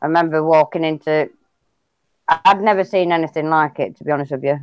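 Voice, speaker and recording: A man's voice: a little high, fast talker, clean tone, no echo. A British man talking in a reflective, hesitant way during a casual chat. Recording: dull lo-fi sound.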